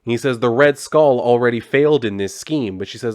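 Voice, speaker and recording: A man's voice: mid-range voice, brisk, few pauses. A man casually recapping a comic book, reading out its dialogue and adding sarcastic asides. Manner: sarcastic, reads out dialogue in a flat paraphrasing voice.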